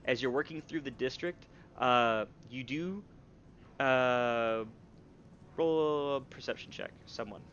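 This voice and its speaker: Man, game master, bright voice, dull lo-fi sound, rambling narration. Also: mid-range voice, slow pace, a little hiss or hum. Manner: rambling, many fillers and restarts.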